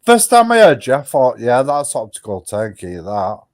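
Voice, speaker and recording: A man's voice: mid-range voice, wildly swooping pitch, normal speed, a little mellow. A man hosting a live stream panel, talking in a blunt, mocking way and swearing freely. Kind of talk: casual live stream chat.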